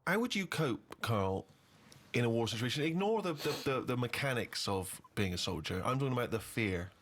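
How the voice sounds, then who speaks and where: A man's voice: mid-range voice, expressive, moderate pace, a bit bright, slight background noise. A man co-hosting a radio show, probing with incredulous questions in casual banter. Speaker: radio co-host.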